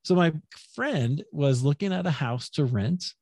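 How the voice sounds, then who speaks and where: A man's voice: unhurried, husky, no echo. A man being interviewed as a podcaster, telling stories casually and animatedly, acting out what people said. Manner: animated, acts out quoted speech with jumps in pitch. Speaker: podcaster and guest.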